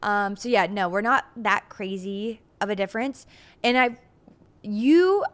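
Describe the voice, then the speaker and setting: A young woman co-hosting a casual podcast, chatting lively with her husband and laughing often as she tells family stories. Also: mid-range voice, unhurried, clean tone. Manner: giggly, animated, laughs often. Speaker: podcast co-host. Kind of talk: casual chat.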